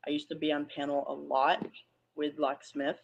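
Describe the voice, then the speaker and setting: A woman making a hesitant, subdued personal statement to an online community, pausing often. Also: deep voice, flat delivery, vocal fry, slightly rough. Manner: subdued, hesitant, many pauses and ums. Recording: muffled lo-fi audio, played back on a stream.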